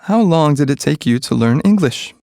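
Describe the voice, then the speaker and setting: Male reader for language drills, measured and clear, slightly raised pitch. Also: dry recording, studio quality. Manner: clear, even, measured delivery of single sentences. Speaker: reader of practice sentences. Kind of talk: reading English practice sentences.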